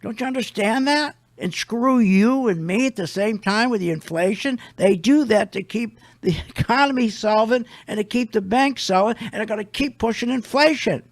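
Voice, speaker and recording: A man's voice: sits high, moderate pace, few pauses. An older man hosting a radio show, ranting in a blunt, indignant, rambling way.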